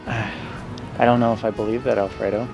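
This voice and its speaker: A man's voice: on the low side, fairly even intonation, a little slow, vocal fry, music in the background. A man in a mockumentary comedy scene, speaking earnestly and a little flustered. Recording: very echoey room, mic far off.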